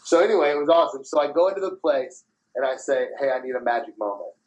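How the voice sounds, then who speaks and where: A man in his thirties hosting a podcast, telling profane, animated anecdotes in casual chat and laughing as he goes. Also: mid-range voice, fast talker, poor audio. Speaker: podcast host.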